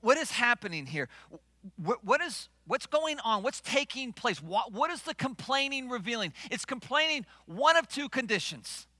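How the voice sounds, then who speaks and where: A male pastor preaching a sermon, swinging from loud declarations to hushed asides and playing out the voices he quotes. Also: high voice, dry recording.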